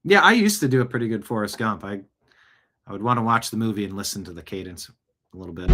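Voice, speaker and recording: A man's voice: mid-range voice, pushed and bright. A middle-aged man hosting a casual news commentary show, reading posts aloud with chuckles and asides. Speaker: host.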